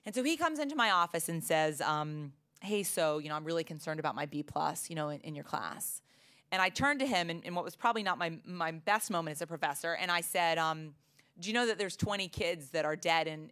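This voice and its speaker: A woman's voice: lowish voice, sharp tone. A middle-aged woman, a psychology professor, telling a story in a Q&A with many fillers and restarts. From United States. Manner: chatty, many fillers and restarts, laughs often. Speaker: psychology professor giving a talk. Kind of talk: storytelling answer in a Q&A.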